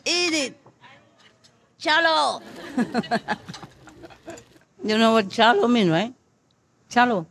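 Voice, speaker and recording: A woman's voice: fairly high pitch, sing-song, slow pace, pauses often, a little hiss or hum. An older woman telling a personal story to disciples in casual chat over a meal, laughing often and speaking with many fillers. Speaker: spiritual teacher. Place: meal gathering with listeners.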